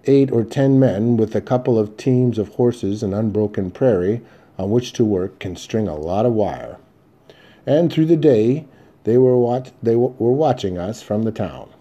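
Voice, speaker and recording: A man reading a first-person Western audiobook in a measured, steady storytelling manner. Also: lowish voice. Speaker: audiobook narrator.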